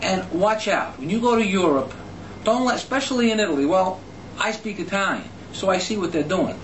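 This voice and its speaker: A man's voice: high voice, lively intonation, a little fast, fairly bright tone. Blunt, indignant New man. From New Jersey, USA. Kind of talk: rambling anecdote. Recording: echoey room, distant mic, faint noise.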